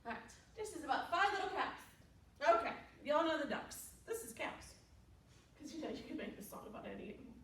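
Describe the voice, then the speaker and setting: A woman's voice: sits high, very animated, fairly quick, a bit bright. A woman children's librarian reading a story aloud to preschoolers in a sing-song way, stopping to ask the children questions. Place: library room. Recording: roomy room, voice from a distance.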